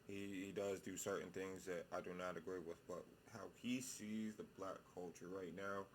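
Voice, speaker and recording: A young man hosting a reaction video, talking in a slow, stoned-sounding drawl and rambling bluntly with plenty of swearing. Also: sits low, fairly even intonation, slight background noise. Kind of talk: casual profane commentary.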